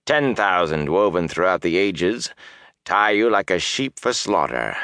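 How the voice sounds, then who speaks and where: A man voicing a menacing male dark lord villain in an audiobook, slow and commanding, swinging between roars and low hisses. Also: sing-song, dry recording, studio quality, exaggerated voice. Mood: scornful, commanding. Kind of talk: audiobook character voice.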